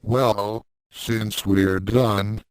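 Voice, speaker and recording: Cocky, mocking young fighter read by a man, low and unhurried. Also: steady tone, clean tone, no room sound. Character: cocky, brash young male martial artist.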